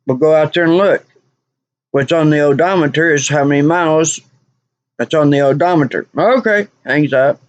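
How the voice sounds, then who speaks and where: A woman's voice: deep voice, moderate pace, no room sound, highs cut off. Exasperated woman telling a story. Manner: exasperated, repeats lines for emphasis. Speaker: vlogger. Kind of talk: animated personal storytelling.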